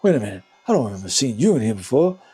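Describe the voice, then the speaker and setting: A man voicing a loud male tavern barkeep in a game, with an attempted Elvis-style drawl. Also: mid-range voice, very animated, racing, slightly rough, faint music behind. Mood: boastful.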